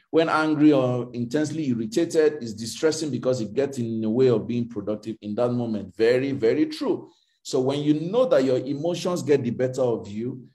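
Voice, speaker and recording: A male coach teaching in an emphatic, animated way, often repeating his points. He acts out the quoted voices of other people with sudden leaps in pitch. His speaking voice sits at a middle pitch. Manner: emphatic and repetitive, faith-infused. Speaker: coach answering audience questions. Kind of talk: motivational teaching session.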